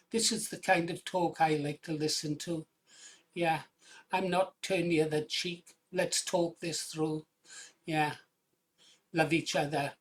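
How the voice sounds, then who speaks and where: A Welsh-born man hosting his own channel, giving rambling casual commentary between clips and chuckling often. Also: a little high. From Wales. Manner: chatty, rambling, chuckles often, urges viewers loudly. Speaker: channel host.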